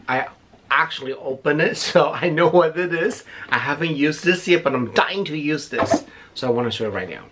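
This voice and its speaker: A man's voice: mid-range voice, fairly bright tone, slight background noise. A middle-aged man, chatting effusively while unboxing gifts, a little out of breath. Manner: gushing, effusive, repeats himself. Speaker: beauty vlogger. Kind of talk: casual unboxing chat.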